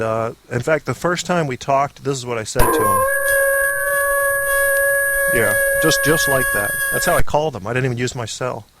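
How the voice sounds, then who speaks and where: A male podcast host who is under the weather, delivering a loose comedy monologue. He rambles and jokes at his own expense in a boisterous tone, with a voice of ordinary middle pitch. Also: noisy background. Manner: rambling, boisterous, self-mocking. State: sick.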